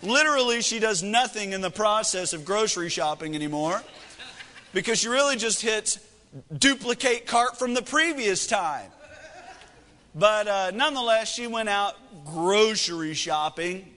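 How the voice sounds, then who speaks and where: A man's voice: high voice, lively intonation, unhurried, bright, forceful tone. A man in his thirties preaching a sermon, telling a family story in a folksy, joking, self-deprecating way. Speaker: pastor. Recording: echoey hall reverb.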